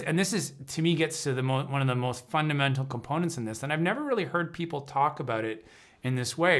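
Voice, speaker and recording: An earnest man of medium pitch gives a reflective talk to a livestream audience. He speaks as an intuitive counselor, often breaking off and restarting his sentences while he searches for how to put a thought. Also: fairly bright tone. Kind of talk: reflective spoken teaching on a livestream.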